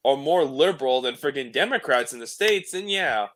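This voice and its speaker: A man's voice: medium pitch, expressive, moderate pace, a bit bright. A young man from Canada in a crude, rambling, profane casual chat on a late-night stream. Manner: rambling, profane, restarts a lot. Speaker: stream co-host.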